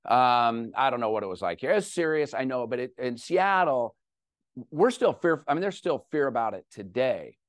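A middle-aged man giving a talk to an audience, telling a personal story with animated, self-deprecating humor. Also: mid-range voice, moderate pace, dry recording, clean studio sound. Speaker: guest speaker.

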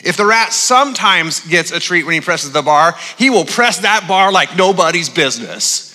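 Here the pastor sounds high-pitched, animated and sharp, moving at a moderate pace. He keeps his sermon conversational and humorous with plenty of "uh"s, and the large church auditorium lends the recording a long, hall-like reverb.

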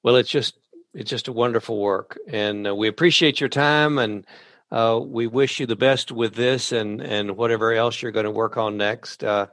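A man hosting a podcast interview, speaking haltingly with frequent restarts. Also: mid-range voice, steady tone, fairly bright tone, dry recording. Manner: halting, many fillers and restarts. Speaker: podcast host.

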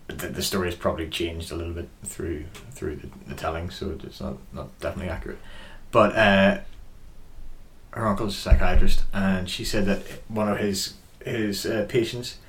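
Man telling an anecdote. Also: fairly low pitch. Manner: animated anecdote-telling with laughs and fillers. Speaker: podcast co-host. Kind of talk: casual chat.

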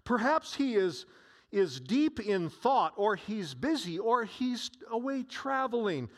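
A man's voice: very animated, moderate pace, long reverb tail. A man voicing a male prophet who mockingly taunts his rivals, jeering in a raised voice. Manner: jeering, high and loud.

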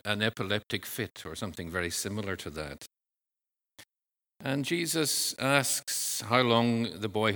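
A male preacher delivering a sermon at an unhurried, deliberate pace. His voice is bright and forward, a little low in pitch, and earnest in its measured phrasing.

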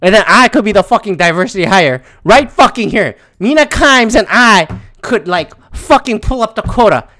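A man's voice: high voice, expressive, normal speed, bright, forceful tone. A man from Philadelphia hosting a solo podcast, ranting profanely and animatedly and laughing between thoughts. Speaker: podcast host.

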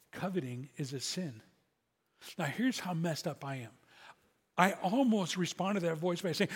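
Higher-voiced pastor preaching in a reverberant church. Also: male voice, measured pace, long pauses, breathy edge. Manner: conversational, self-deprecating preaching. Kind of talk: sermon.

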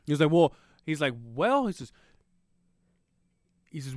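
A man co-hosting a podcast, chatting casually and telling a story full of quoted back-and-forth. His pitch leaps high and drops low as he acts out each person. He sits close to the mic in a dry room with no echo. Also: a little slow, long pauses. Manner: animated storyteller acting out quoted people, swearing freely. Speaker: podcast co-host.

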